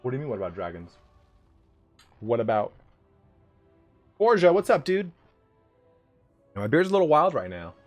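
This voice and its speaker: A man's voice: mid-range voice, big pitch swings, brisk, pauses often, soft background music. A man hosting a live stream, chatting casually with viewers in a joking, profane way. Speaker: livestream host of a game league.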